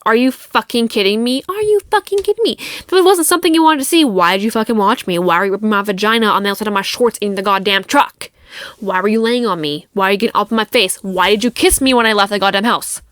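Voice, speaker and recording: A young woman hosts her own podcast, venting about a personal drama in a casual, heated monologue full of swearing. Her voice sits at an ordinary pitch and is recorded close and dry, with almost no room sound. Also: quick pace, a bit bright, smooth, no room sound. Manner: heated, profane, indignant retelling. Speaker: podcast host.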